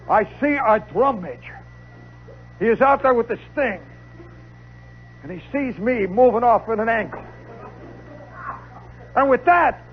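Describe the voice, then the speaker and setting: A man telling a comic story live, animated and dramatic, with chatty asides to the listener. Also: extremely high pitch. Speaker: radio storyteller. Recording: lo-fi 1960s radio recording with faint hiss.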